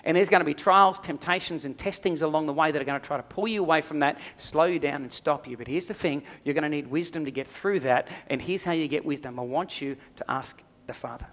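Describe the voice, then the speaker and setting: Fairly high-voiced male preacher. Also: fast, few pauses, a bit bright. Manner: emphatic preaching with repeated phrases and prayerful asides. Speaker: pastor. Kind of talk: sermon.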